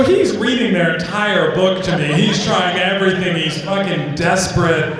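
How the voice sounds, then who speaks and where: A man's voice: high-pitched, expressive, normal speed, few pauses, over a noisy crowd. A man doing a stand-up comedy set, telling a story and acting out the voices in it. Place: large hall with a live audience. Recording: echoey hall recording from far off.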